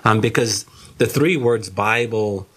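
A man who is a theology guest, explaining a topic in a measured teaching way and slowing down to stress key words. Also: fairly low pitch, a bit bright, slightly rough.

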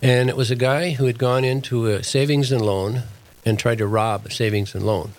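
Gravelly older man telling a story. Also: medium pitch, fairly even intonation, normal speed, darkish tone, rough recording. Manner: earnest, plain-spoken storyteller. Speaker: deacon, prison chaplain guest. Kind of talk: storytelling in a radio interview.

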